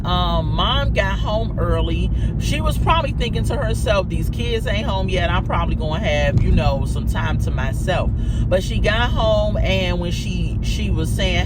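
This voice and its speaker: A woman's voice: on the low side, heavy background noise. A woman recording a storytime vlog, talking casually to her viewers with lots of fillers and calling them y'all. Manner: chatty, addresses viewers as y'all, many fillers. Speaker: vlogger.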